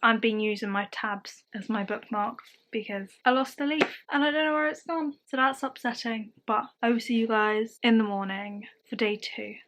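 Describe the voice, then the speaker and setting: A woman's voice: fairly high pitch, normal speed, few pauses, noisy background. A young adult woman, chatting casually in a vlog, rambling and poking fun at herself. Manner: self-deprecating, rambling, thinks aloud. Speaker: book vlogger.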